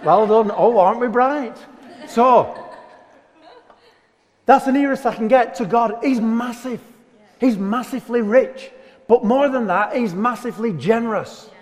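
Animated pastor preaching, pitched high, reverb of a church hall. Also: male voice, unhurried. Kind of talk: sermon.

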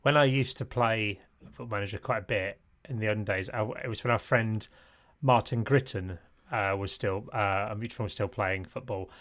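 A man's voice: lowish voice, normal speed, fairly bright tone. A man co-hosting a podcast in casual chat, talkative and self-mocking, often laughing. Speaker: podcast co-host.

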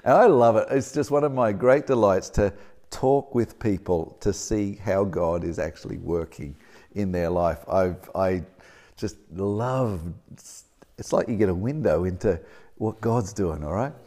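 A man preaching a sermon as a lively, story-driven talk with frequent restarts. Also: lowish voice, measured pace.

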